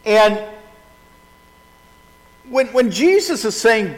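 A middle-aged man preaching a sermon in a relaxed, conversational way, often restarting his sentences. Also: high voice, takes it slowly, pauses often, big-room sound, poor audio. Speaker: pastor.

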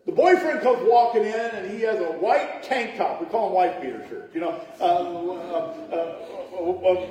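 This middle-aged pastor's sermon is a chatty string of humorous wedding stories, with laughing asides and voices acted out. He speaks high-pitched at a moderate pace, his tone darkish. The sound comes from far off in an echoey church sanctuary.

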